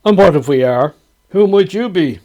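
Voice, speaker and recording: A man with a Dublin accent voicing a blunt, mocking young sailor held as a galley slave, pitched higher and quicker than his own voice. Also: lively intonation, darkish tone. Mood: teasing.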